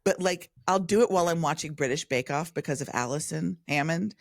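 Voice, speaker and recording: A woman, a podcast guest chatting casually in an animated way, often breaking off mid-thought and mimicking voices. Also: low voice, fairly quick, gravelly, no room sound, studio quality. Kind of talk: casual conversation.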